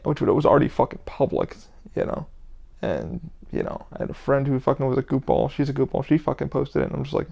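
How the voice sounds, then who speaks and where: A man's voice: medium pitch, lively intonation, gravelly, darkish tone, muffled recording. A man hosting his own podcast, talking alone in a rambling, profane way and acting out what his friends said. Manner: rambling, profane, quick to act out quoted friends. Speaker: podcast host. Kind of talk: casual solo podcast monologue.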